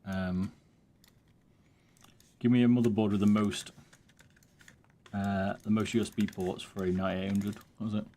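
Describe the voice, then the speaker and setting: A man's voice: on the low side, flat delivery, moderate pace, pauses often, mellow. A man live streaming a game, chatting casually to his viewers with plenty of swearing. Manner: laid-back, swears freely, chats to viewers. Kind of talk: casual chat while gaming.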